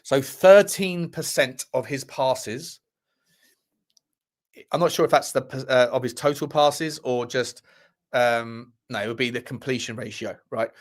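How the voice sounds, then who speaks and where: A man's voice: medium pitch, a little slow. A man hosting a football fan livestream, chatting casually, rambling, correcting himself and joking with the live chat. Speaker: football fan channel host.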